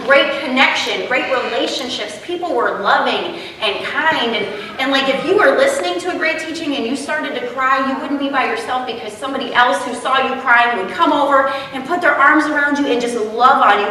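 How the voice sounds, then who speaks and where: A young adult woman telling a personal story in a chatty, animated sermon, acting out the voices she quotes, at a women's retreat. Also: sits high, moderate pace, a little hiss or hum. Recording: echoey hall, voice from far off.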